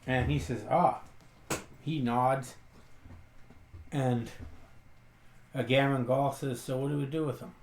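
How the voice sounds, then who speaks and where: A man with a mid-range voice narrates his character's actions and words in a tabletop role-playing game, quoting the character's lines as he tells the story. His intonation stays fairly even, his pace is slow, and he leaves long pauses. The room is echoey, with faint noise.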